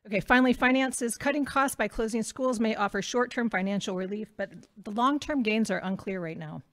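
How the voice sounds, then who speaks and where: A woman giving prepared public comment as a parent at a school board meeting, running through numbered points quickly. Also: a little high. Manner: rapid, itemized delivery.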